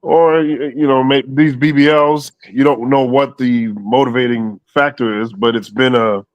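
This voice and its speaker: A man hosting a podcast panel who hands the floor to the next speaker in a halting way, full of fillers. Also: mid-range voice, fairly even intonation, dry recording, highs cut off. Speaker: podcast host. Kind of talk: moderating a panel.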